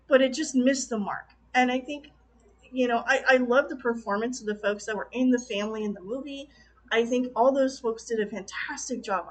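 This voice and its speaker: A woman with a high voice delivers a casual film review straight to her viewers. She speaks with passion, exclaims often and laughs easily as she vents her frustrations.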